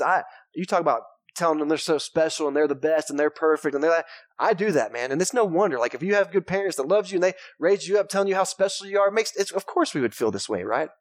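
A man in his thirties preaches with a drawl, talking to the congregation like friends and joking with them. His voice sits a little high. The sound is dry and close, with no room echo. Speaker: pastor. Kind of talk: sermon.

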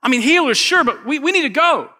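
A man's voice: extremely high pitch, animated, fairly quick, bright, forceful tone, pitched above the performer's own voice, exaggerated voice. A man voicing a desperate, impatient father in a sermon retelling, pleading in a raised, slangy way. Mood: exasperated pleading. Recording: echoey long hall reverb.

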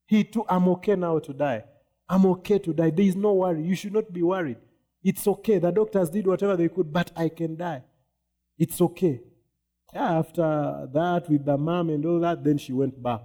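A man pastor preaching a sermon on healing, with wide swings in pitch and asking the congregation if they follow him. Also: normal speed, mellow.

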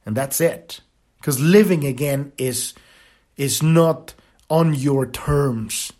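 Rambling podcast host, animated and loose. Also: male voice, on the high side, takes it slowly. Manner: rambling, animated, swears, acts out quotes. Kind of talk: casual spiritual monologue.

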